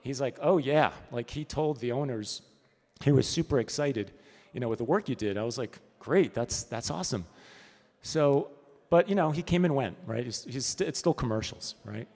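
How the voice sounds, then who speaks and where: A man's voice: medium pitch, lively intonation, moderate pace, a little mellow. Chatty man telling stories in a hall. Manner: casual, chatty, frequent "right?" asides. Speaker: storyboard artist giving a talk. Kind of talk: conference talk, anecdotal storytelling. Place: event hall. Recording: long hall reverb.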